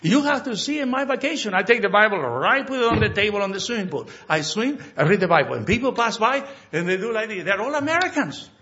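A male pastor preaching a sermon, emphatic and animated, acting out little conversations as he goes. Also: sits high, quick pace, hardly any pauses, lo-fi sound. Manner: animated, emphatic, acts out dialogues.

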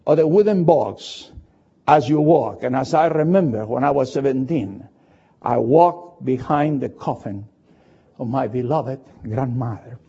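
Slow, dramatic preacher man, lo-fi. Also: fairly high pitch. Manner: slow, dramatic storytelling with sudden shifts between loud and hushed. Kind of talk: sermon. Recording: dull lo-fi recording.

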